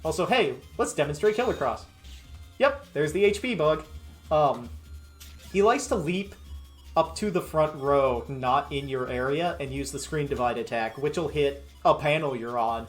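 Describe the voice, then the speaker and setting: A man's voice: fairly high pitch, lively intonation, moderate pace. A man giving casual commentary over gameplay, chatty and playful. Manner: chatty, reads game lines in playful voices. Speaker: let's play commentator. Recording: faint game music behind.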